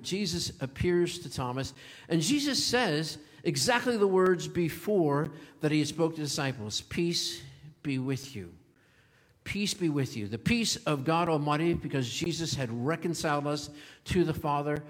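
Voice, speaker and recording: A male pastor delivers a sermon in an easy, storytelling manner, chuckling as he goes. His voice sits a little high for a man. The sound carries the long reverb of a church sanctuary. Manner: storytelling, chuckles often, warm conversational preaching.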